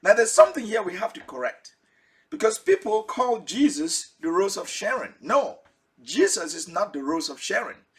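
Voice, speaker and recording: A man's voice: high-pitched, big pitch swings, normal speed, slightly rough. A man preaching a Bible teaching sermon, asking his listeners direct questions and chuckling now and then.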